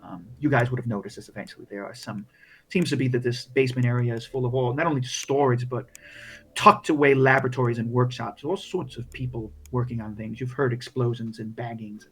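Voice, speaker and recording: A man's voice: mid-range voice, steady tone, brisk, husky. A man narrating as game master, rambling with many restarts. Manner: rambling, full of fillers and restarts.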